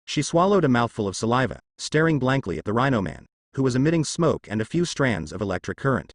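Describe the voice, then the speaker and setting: Man narrating with an animated lilt. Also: mid-range voice, a little fast, hardly any pauses, no echo, studio quality. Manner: steady storybook delivery with sound-effect words. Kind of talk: scripted narration of a translated web novel.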